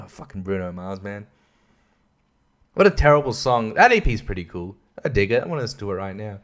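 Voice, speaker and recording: A man's voice: medium pitch, animated, normal speed. A man giving a casual, sweary, sarcastic album review, often laughing at his own jokes. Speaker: music reviewer.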